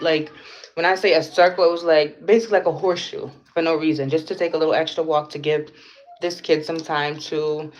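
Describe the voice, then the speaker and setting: A young woman on a livestream telling a story from her day, blunt and profane, with lots of fillers. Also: low-pitched. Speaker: vlogger. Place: indoors at home. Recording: slightly dull lo-fi sound with faint noise.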